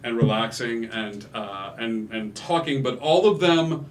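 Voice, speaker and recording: A man's voice: medium pitch, a little slow, very noisy. A man narrating as game master in a tabletop game, talking casually with many fillers. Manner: loose, filler-heavy narration that builds to loud excitement.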